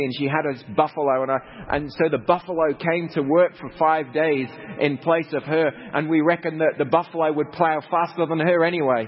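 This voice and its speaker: A man's voice: on the high side, steady tone, fairly quick, few pauses. Middle-aged Australian missionary man, anecdotal and joking, faint background noise. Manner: conversational, anecdotal with humorous asides. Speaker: missionary speaker. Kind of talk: storytelling talk to a congregation. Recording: dull lo-fi recording with hall reverb, faint noise.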